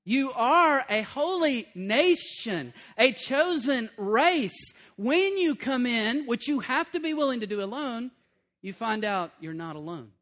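A high-pitched man delivers a sermon in a lively, conversational way. He repeats key lines, stumbles over restarts, and checks in with his listeners. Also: a little slow. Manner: animated, conversational preaching with repetition and asides. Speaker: preacher.

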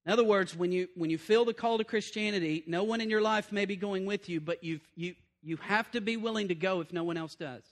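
A middle-aged man preaching a sermon, animated and conversational, repeating points and breaking into asides. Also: high-pitched, brisk, few pauses.

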